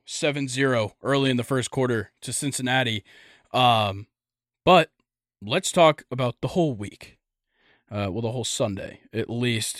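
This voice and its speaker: A man's voice: mid-range voice, fairly bright tone, no room sound, clean studio sound. A young man hosting a casual sports podcast, rambling and joking with lots of fillers. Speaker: podcast host.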